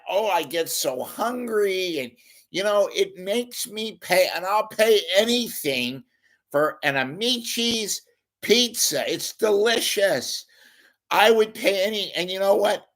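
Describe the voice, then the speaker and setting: A man's voice: high-pitched, fairly bright tone, voice pushed up, full character voice. A man doing a gushing, goofy radio ad host. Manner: gushing, overexcited ad-read delivery. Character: goofy overeager male radio host reading ads.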